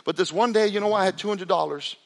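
A man preaching a sermon as pastor, telling a story with animated delivery that drops to a hushed, intense tone. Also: sits high, fast, gravelly. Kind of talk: sermon with storytelling and altar call. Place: church sanctuary. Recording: reverberant hall with soft music behind.

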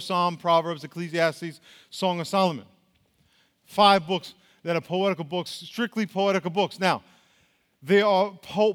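High-voiced man preaching in a reverberant hall. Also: fairly bright tone. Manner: emphatic, quizzes the congregation. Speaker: pastor. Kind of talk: sermon.

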